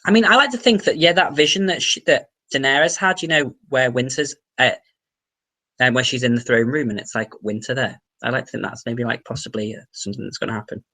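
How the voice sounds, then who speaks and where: A man's voice: medium pitch, brisk, bright, forceful tone. A young man from England chatting casually on a livestream from home, rambling through restarts, fillers and casual swearing. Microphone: webcam.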